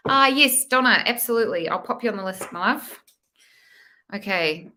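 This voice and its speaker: A woman's voice: mid-range voice, expressive, normal speed, sharp tone, a little hiss or hum. A woman hosting a live-stream tarot reading, who chats affectionately with viewers, calls them "my love" and often ends lines with "hey?".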